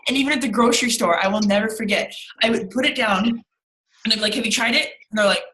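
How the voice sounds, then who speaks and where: Bright-voiced, animated young woman. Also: mid-range voice, fast talker, echoey room, low-quality recording. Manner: animated, swears casually, acts out little scenes. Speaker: co-host of a sales team call. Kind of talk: casual motivational chat.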